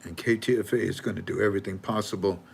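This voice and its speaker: Halting older man telling a story. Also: low voice, fairly even intonation, vocal fry, a little hiss or hum. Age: 70s. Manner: halting, repeats words while searching for them. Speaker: channel host. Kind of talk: heartfelt storytelling with a religious close.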